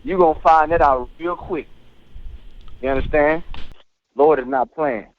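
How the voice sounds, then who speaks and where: A man's voice: fairly high pitch, a little slow, narrow, tinny audio, a little hiss or hum. A male radio talk show host giving heated, preachy political commentary and often asking if listeners understand. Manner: fiery, preachy, keeps asking "you understand?".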